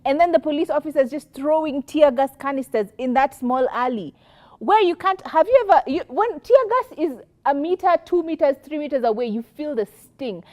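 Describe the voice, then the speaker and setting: A woman's voice: high-pitched, animated, normal speed, darkish tone. A woman hosting a talk show, retelling events with passion and indignation. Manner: impassioned, indignant retelling with vivid quotes. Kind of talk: studio talk show discussion.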